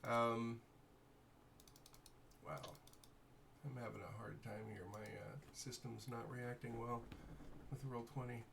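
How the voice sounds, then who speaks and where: A man's voice: mid-range voice, little pitch movement, slow, vocal fry, long pauses, noisy background. Easygoing man running a tabletop game. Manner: easygoing, muttering to himself while fixing software. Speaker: game master.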